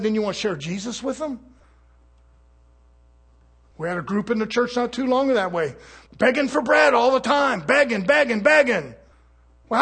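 A man preaching a sermon in a fervent, folksy manner, moving between hushed asides and shouted exhortation. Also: extremely high pitch. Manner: folksy, plain-spoken.

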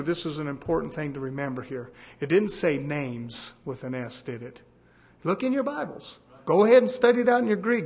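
A man preaching a sermon, swinging from loud to hushed. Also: sits high.

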